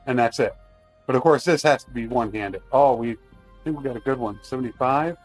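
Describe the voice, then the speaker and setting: A man's voice: mid-range voice, fairly quick, faint music behind. A man streaming a video game live, chatting casually to his viewers while he plays. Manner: chatty, talks to chat while playing.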